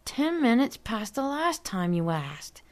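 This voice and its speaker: A woman's voice: fairly high pitch, very animated, measured pace, voice pushed up. A woman voicing a sullen young brother who answers curtly and sarcastically. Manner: curt, sarcastic.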